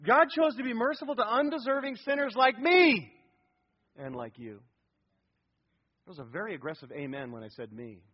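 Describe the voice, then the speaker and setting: A man's voice: very high-pitched, sing-song, normal speed, pauses often, dull audio. A male pastor preaching a sermon to a congregation in a church, emphatic and prompting them to fill in words.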